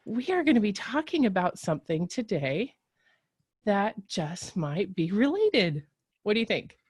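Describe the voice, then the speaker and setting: A woman's voice: mid-range voice, big pitch swings, measured pace, a little mellow, husky, dry recording, studio quality. A woman from Texas hosting a webinar in a bubbly, chatty way, with many fillers. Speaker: webinar host.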